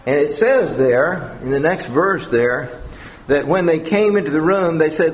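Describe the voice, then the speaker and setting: A man giving a conversational Bible teaching, retelling scripture with lively emphasis. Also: on the high side, unhurried. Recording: echoey room.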